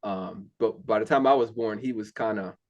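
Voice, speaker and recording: A man's voice: fairly low pitch, moderate pace, lo-fi sound. Candid young man telling his testimony. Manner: candid, earnest, many fillers. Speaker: interview guest. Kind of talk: casual testimony.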